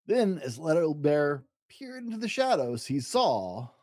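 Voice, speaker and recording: A man hosting a storytime show, reading a children's picture book aloud with dramatic pauses. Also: no room sound, clean studio sound. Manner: expressive, dramatic pauses, lively pitch. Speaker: storytime podcast host and reader. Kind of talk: bedtime story read-aloud.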